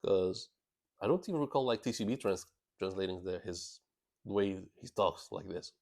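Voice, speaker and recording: A man with a somewhat low voice reacts live to a new comic chapter. He is excitable and laughs easily, often stumbling and restarting words mid-thought. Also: moderate pace, gravelly. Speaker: channel host reacting to a manga chapter. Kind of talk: live reaction, reading aloud and commenting.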